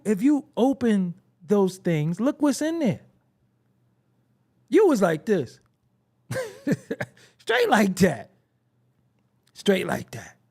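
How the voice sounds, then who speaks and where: A man with a high-sitting, gravelly voice hosts a hip-hop commentary show full of casual, profane, comedic ranting. He's animated, laughs a lot, and does mocking imitations.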